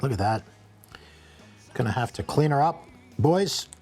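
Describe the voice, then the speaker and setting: A man hosting a casual cooking vlog from a home kitchen, rambling and joking at his own expense, with sudden excited bursts. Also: medium pitch, a little slow, soft background music. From Canada.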